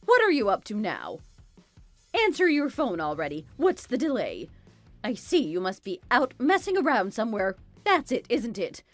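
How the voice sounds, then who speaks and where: A woman's voice: medium pitch, dry recording. A woman voicing a domineering, spiteful older mother-in-law in a dramatized story, scolding and belittling. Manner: scolding, contemptuous, bossy.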